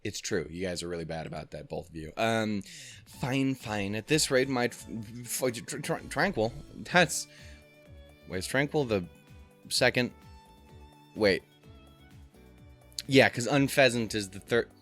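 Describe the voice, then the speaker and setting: A man's voice: on the low side, a little slow, pauses often, a bit bright, soft background music. A man hosting a let's play, rambling, joking and swearing casually as he comments on the game.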